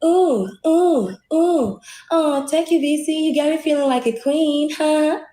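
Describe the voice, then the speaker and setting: A woman playing a non-playable game character on a live stream, repeating the same catchphrases in a flat, mechanical way. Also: high-pitched, unhurried, reverberant, slight background noise. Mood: robotic, repetitive. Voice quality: flat repetitive chanting of catchphrases. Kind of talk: live-stream NPC role-play.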